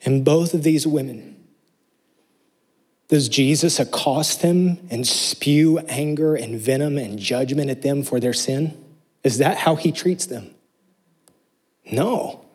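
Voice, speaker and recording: Male pastor, mid-pitched, slightly husky voice, earnest emphatic preaching. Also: slow pace, pauses often, a little mellow. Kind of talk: sermon.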